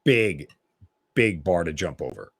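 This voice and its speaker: A man's voice: sits low, expressive, unhurried, fairly bright tone, breathy edge, dry recording. A man hosting a sports talk podcast, giving opinionated, emphatic commentary.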